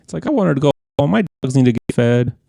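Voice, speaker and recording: Young guy on a podcast, gravelly voice, dry close sound, swears a lot and does the voices of people in his story. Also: medium pitch, fast, no echo. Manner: animated, profane, acts out quoted voices. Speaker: podcast co-host. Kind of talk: casual storytelling chat.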